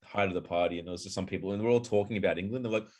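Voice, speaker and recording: A man's voice: low-pitched, racing. A young man in casual chat who tells a rambling story, laughs often and stalls with repeated fillers.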